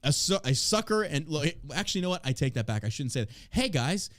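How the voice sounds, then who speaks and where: A man's voice: fairly high pitch, very animated, fast talker, fairly bright tone, no echo, studio quality. Profane, ranting male podcast host. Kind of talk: casual political rant.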